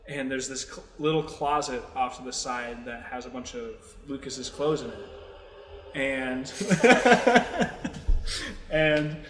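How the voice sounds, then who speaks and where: A man's voice: mid-range voice, a bit bright, reverberant, long reverb tail. A young man in his twenties co-hosting a podcast, telling a long story in casual chat, rambling with lots of fillers and swearing. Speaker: podcast co-host.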